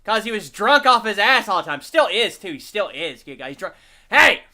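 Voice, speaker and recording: A man's voice: high-pitched, very animated, moderate pace, pushed and bright. A man giving casual, profane, mocking commentary over a video, laughing and repeating catchphrases.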